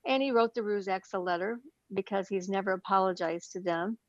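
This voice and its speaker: A woman answers interview questions as a book author, earnest and measured, with plenty of fillers. The recording is dry and a little dull, with little room sound. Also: mid-range voice, no echo.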